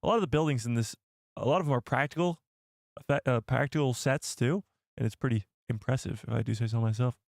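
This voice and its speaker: A man's voice: mid-range voice, quick pace, creaky, darkish tone, dry recording, studio quality. Chatty young man hosting a live stream. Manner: chatty and jokey, thinking aloud with fillers. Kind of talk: casual live-stream chat reading viewer comments.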